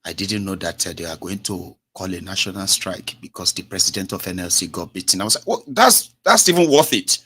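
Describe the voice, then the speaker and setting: A man's voice: deep voice, flat delivery, fast talker, hardly any pauses, sharp tone, slightly rough. A Nigerian man hosting a solo radio broadcast. He talks casually and switches between English, Pidgin and Yoruba, and he acts out the listeners he quotes. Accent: Nigerian, Yoruba-speaking. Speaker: radio host.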